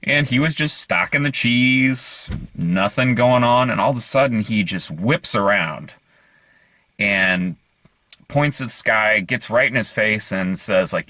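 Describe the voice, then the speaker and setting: A man tells stories to camera in a meandering, earnest way, full of hesitant fillers. His voice sits low but sounds bright and forward. The recording is dry and close. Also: a little slow, dry recording. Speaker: vlogger. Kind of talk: casual storytelling to camera.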